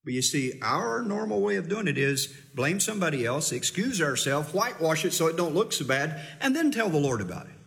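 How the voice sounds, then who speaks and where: A middle-aged male pastor delivers a sermon in a folksy, teasing, emphatic manner. His voice sits a little high for a man. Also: sing-song, brisk, vocal fry, few pauses, a bit bright.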